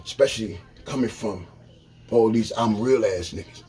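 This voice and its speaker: A man delivering a blunt, profane rant to camera, shifting between loud emphasis and low, muttered remarks. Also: moderate pace, husky, faint music behind.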